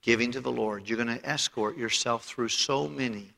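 Gravelly-voiced male pastor preaching in a hall. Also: medium pitch, normal speed, bright, forceful tone. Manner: emphatic preaching with anecdotes and repeated restarts. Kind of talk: sermon. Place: church auditorium. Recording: long hall reverb.

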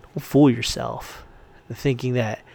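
A man's voice: mid-range voice, flat delivery, a little slow, gravelly, darkish tone, dry recording. A man ranting in a casual commentary, heated and profane, rambling with frequent restarts.

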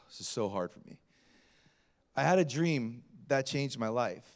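A man's voice: mid-range voice, unhurried. A middle-aged male pastor telling a story in a sermon, acting out the voices of the people in it with big swings of energy. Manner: animated storyteller acting out quotes.

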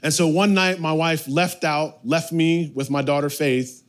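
A man in his thirties, a pastor preaching a sermon and telling a family story with animated, sudden shifts between loud and soft. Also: a little high, unhurried.

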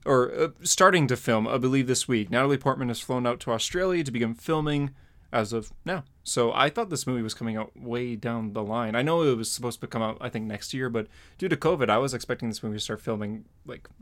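Male podcast host, mid pitch, loose rambling delivery with fillers. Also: a little fast, a bit bright. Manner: rambling, lots of fillers and laughs. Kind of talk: casual chat.

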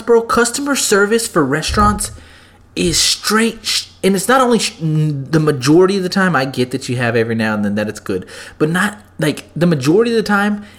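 A man's voice: on the high side, fairly bright tone. A man co-hosting a casual podcast, telling a secondhand joke in a profane, rambling way full of fillers. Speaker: podcast co-host.

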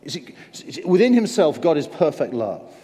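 A man's voice: a little high, big pitch swings, measured pace, dark tone. An English man preaching a sermon, earnest and conversational, with self-deprecating humor. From England. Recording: long hall reverb.

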